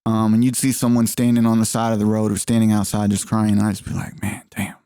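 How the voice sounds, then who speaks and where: A man's voice: fairly low pitch, monotone, quick pace, mellow, clear, resonant tone, no room sound, studio quality. A man co-hosting a podcast, telling rambling stories in casual chat, swearing freely and acting out what people said. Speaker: podcast co-host.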